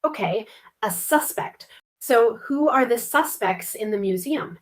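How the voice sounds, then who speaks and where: A woman co-hosting a lesson for English learners eagerly asks question after question about the story, curious throughout. Her voice is fairly high and expressive, and she speaks a little slowly.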